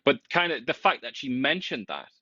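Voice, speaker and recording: A man giving casual political commentary, animated and sarcastic, often laughing as he talks. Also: mid-range voice, normal speed, no echo. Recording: dull lo-fi sound.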